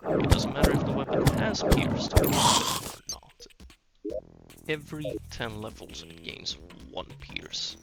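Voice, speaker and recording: Man, gravelly voice, lively intonation, unhurried rambling gameplay talk, loud game music behind. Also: medium pitch. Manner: rambling, explains step by step with fillers. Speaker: gaming YouTuber. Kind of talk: casual gameplay commentary.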